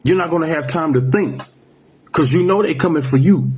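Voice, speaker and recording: A man preaching a sermon, reading scripture slowly and then driving points home with repeated "man" and "right?". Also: fairly high pitch, a little mellow, slight background noise. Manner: emphatic, ends phrases with "man" and "right?"; slows to a drawl when reading scripture. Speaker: street preacher.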